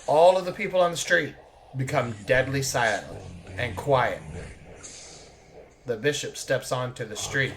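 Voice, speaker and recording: A man's voice: mid-range voice, background noise. A man narrating a tabletop game as game master, in a casual, chuckling way.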